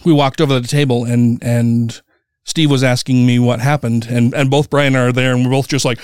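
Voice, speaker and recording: A man's voice: mid-range voice, a little fast, clear, resonant tone, no echo, clean studio sound. Heated, profane man with a resonant voice. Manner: heated, profane, animated retelling. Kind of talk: casual storytelling chat.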